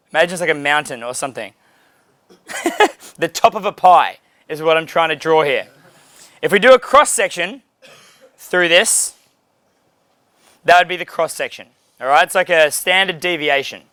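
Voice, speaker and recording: A man coaching on dating in a loose, blunt way, swearing casually. His voice is bright and crisp, a touch high for a man. The sound is dry and close. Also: no echo. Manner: blunt, profane, relaxed, frequent laughs.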